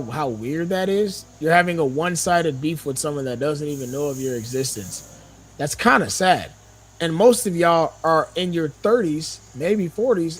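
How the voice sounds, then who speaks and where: A man's voice: fairly high pitch, breathy edge. A young man, a podcast guest, talking heatedly and indignantly, swearing and firing off rhetorical questions. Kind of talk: heated casual podcast talk.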